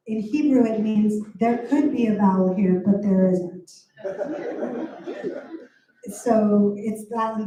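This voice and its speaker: A woman's voice: medium pitch, warm tone, recorded from a distance. A woman poet reading her poems aloud and explaining language points with chatty asides at a bookstore event. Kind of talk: poetry reading with commentary. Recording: very echoey room.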